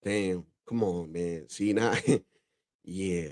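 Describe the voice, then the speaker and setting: A man from the Dominican Republic hosting a stream, reacting to clips in loose, profane chat full of "bro" and frequent laughter. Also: fairly low pitch. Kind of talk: casual reaction commentary.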